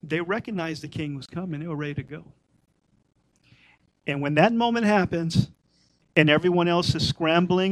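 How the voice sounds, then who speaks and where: Higher-voiced man teaching, repeating for emphasis. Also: normal speed, dry recording, rough recording. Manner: conversational, repeats points for emphasis. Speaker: Messianic Torah teacher. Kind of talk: informal Torah teaching.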